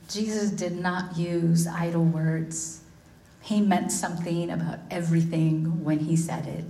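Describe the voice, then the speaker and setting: Woman preaching slowly in an echoey room. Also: fairly low pitch, a little mellow, a little hiss or hum. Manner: slow, deliberate emphasis with many quotations. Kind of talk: sermon.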